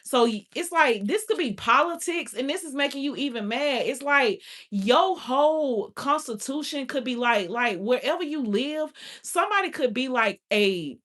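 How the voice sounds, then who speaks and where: A woman's voice: sits high, expressive, moderate pace, hardly any pauses, a bit bright. A woman giving a casual spoken tarot reading, blunt and profane, with constant filler "like". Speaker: tarot reader.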